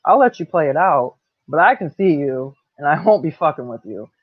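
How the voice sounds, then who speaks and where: A woman's voice: sits low, animated, normal speed, dry recording. A woman in her late thirties telling a personal story to camera, blunt and swearing a lot. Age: 30s. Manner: blunt, heavy swearing, laughs between lines. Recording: tinny dry phone-like sound.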